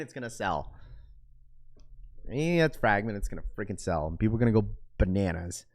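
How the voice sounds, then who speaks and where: Low-ish and sing-song, this young livestream host talks briskly but pauses often. He rambles casually, talking to chat and reading viewers' comments out loud before responding.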